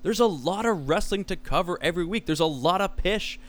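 A man's voice: high voice, expressive, brisk. A man hosting a casual wrestling podcast, introducing his co-hosts in a showy, announcer-like way. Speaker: podcast host.

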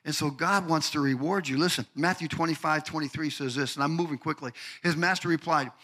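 An older man preaching a fervent sermon, calling out congregants by name and building to shouted climaxes. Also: a little high, fairly quick, husky. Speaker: pastor.

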